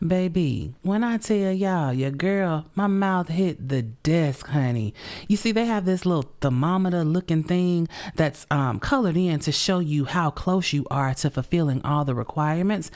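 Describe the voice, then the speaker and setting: A woman's voice: low-pitched, a little mellow. A middle-aged woman hosting her podcast in casual, sassy chat, tired and run down, swearing freely and calling listeners honey. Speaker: podcast host.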